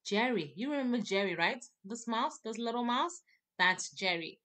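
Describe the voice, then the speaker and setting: A woman's voice: on the high side, expressive, normal speed, sharp tone. A woman teaching an English grammar lesson, explaining patiently with lots of repetition and emphasis.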